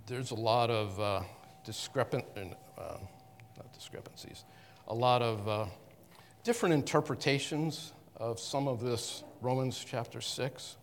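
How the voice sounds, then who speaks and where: A man of mid pitch explains Scripture to a congregation in a loose, conversational style. He stops to correct himself and restarts his phrases often. His voice rings with the long reverb of a hall. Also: a little hiss or hum. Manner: halting, with frequent restarts and self-corrections. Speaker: Bible teacher. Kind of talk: conversational Bible teaching to a congregation.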